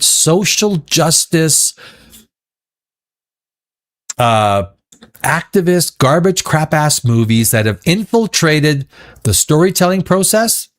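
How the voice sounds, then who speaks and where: Hosting a loose pop-culture commentary show, this man has a very lively, somewhat high voice. His talk rambles, sentences get restarted, and he drifts into profane rants.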